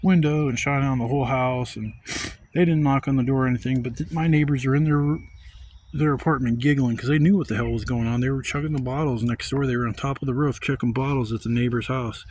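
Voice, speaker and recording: A man vlogging from a campsite outdoors, telling a profane, animated story and acting out other people's voices. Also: mid-range voice, quick pace, a little hiss or hum. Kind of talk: casual storytelling rant.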